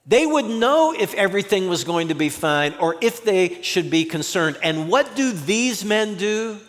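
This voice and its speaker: A man's voice: sits high, very animated, unhurried, long reverb tail. A man preaching a conversational sermon as a pastor, acting out the voices he quotes.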